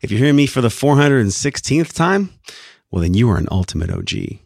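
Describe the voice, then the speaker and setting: A man with a raspy, hoarse voice from a sinus infection, hosting a podcast and reading ads with enthusiastic, playful talk straight to his listeners. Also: mid-range voice, very animated, fairly quick, darkish tone, no echo, studio quality. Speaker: podcast host. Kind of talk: podcast intro and ad reads.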